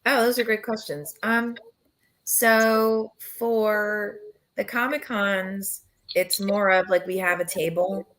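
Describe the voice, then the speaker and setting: A woman hosting a casual live chat as a press founder, her voice husky and worn from travel, chatty and relaxed with many fillers. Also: mid-range voice, slow, poor audio. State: low husky voice from travel fatigue. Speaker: founder and executive editor of a press, host.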